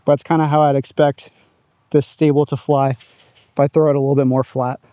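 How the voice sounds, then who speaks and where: A man's voice: a little high, little pitch movement, fairly quick, warm tone. A man casually talking through his disc golf throws in an open field, upbeat and chatty. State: out of breath at times. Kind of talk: casual outdoor vlog commentary.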